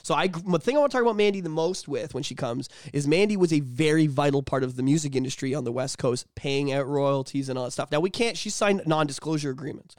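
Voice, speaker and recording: Fast-talking high-voiced young man. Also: no echo, clean studio sound. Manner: animated, swearing, acts out drunk voices. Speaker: podcast co-host. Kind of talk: casual chat.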